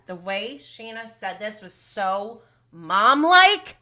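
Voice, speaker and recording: Bright-voiced young woman dishing gossip. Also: mid-range voice, very animated, a little slow. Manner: emotional and outspoken, swears freely. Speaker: reality TV recap host. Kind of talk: casual gossipy recap livestream.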